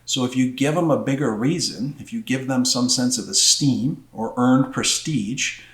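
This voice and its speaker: A middle-aged man, a former wrestling coach, telling a story in casual podcast conversation and acting out quotes with a rising voice. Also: normal speed. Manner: animated storyteller, acts out quotes with rising pitch. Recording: roomy echo.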